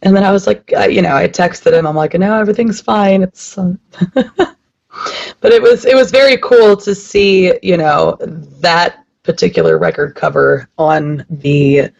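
A band member guest speaks in an interview in a lowish, slightly mellow voice with vocal fry and a measured pace. She rambles casually about her band, using plenty of fillers and the occasional swear word, and the recording sounds muffled and lo-fi.

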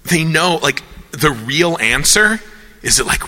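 A man talks through ideas in a loose, rambling way, slipping into little voices for the people he quotes. His tone is very bright and forward, and the sound carries a long hall reverb. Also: on the high side, animated, a little slow. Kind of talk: casual philosophical chat.

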